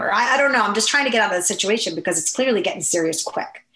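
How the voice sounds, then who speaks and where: A woman telling a personal story in a halting, conversational way, with many fillers and restarts. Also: medium pitch, lively intonation, pushed and bright. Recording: echoey room.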